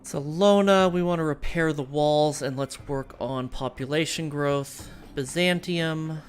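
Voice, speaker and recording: A woman's voice: sits low, a little slow, faint music behind. A woman from the United States streaming a strategy game and chatting casually with her viewers, rambling and full of fillers and restarts. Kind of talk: casual live-stream chat while playing a strategy game.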